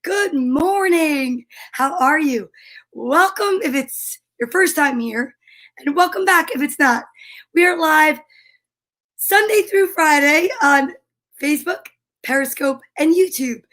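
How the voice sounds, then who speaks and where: Bubbly high-voiced woman, scratchy rasp. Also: slow pace, a bit bright. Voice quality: scratchy, raspy voice. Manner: bubbly, enthusiastic, chatty. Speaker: live-stream story time host. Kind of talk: casual live-stream chat.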